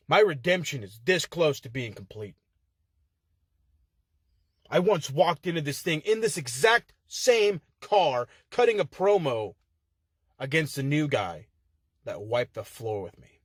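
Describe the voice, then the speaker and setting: A man cuts a swaggering wrestling promo from inside a car, his voice sitting high for a man. He trash-talks with heated, profane bluster. The sound is dry and close, with no room echo. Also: very animated, a little slow, long pauses, slightly rough. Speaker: contestant in an online promo-cutting contest.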